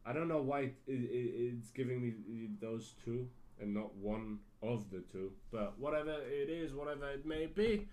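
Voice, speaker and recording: A man's voice: medium pitch, moderate pace, few pauses, darkish tone. A man hosting a podcast in casual chat, rambling and hesitant, often laughing. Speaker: podcast host.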